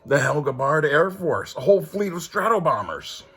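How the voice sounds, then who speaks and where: A man's voice: fairly high pitch, big pitch swings, normal speed, fairly bright tone, slightly rough. Rambling, chuckling man reviewing comics. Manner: rambling, chuckling, full of fillers. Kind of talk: casual commentary.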